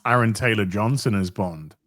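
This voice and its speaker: A man's voice: fairly low pitch, normal speed, a bit bright, no room sound, clean studio sound. A man on a podcast panel making hesitant, chuckling remarks. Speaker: panel guest. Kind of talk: casual panel chat.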